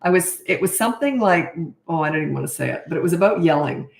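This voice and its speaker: A woman's voice: on the low side, expressive, fast, gravelly. A middle-aged woman from Canada, a parenting coach answering viewer questions in a blunt, matter-of-fact casual chat. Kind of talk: casual livestream Q&A. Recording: echoey room.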